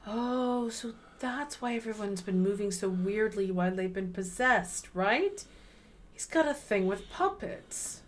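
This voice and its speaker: A woman talks through a horror game on a livestream in a relaxed, unhurried way. Her pitch sits in the middle, and she muses aloud and reacts as the story unfolds. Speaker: streamer playing a horror visual novel. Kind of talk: casual let's-play chat.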